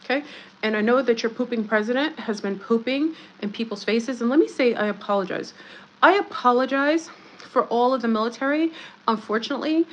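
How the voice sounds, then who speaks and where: A woman's voice: on the high side, low-quality recording. A woman hosting a casual livestream, rambling in a conspiratorial, joking way and greeting viewers by name. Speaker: livestream host.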